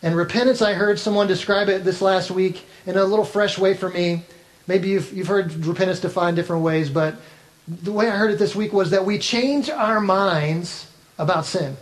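A man's voice: sits high, normal speed, poor audio. A man preaching a sermon as pastor, speaking earnestly and directly to his congregation.

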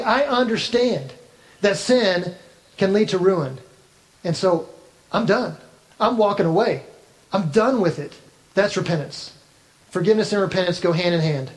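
Earnest high-voiced male pastor preaching. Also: rough recording. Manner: earnest, direct, addresses the congregation. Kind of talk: sermon.

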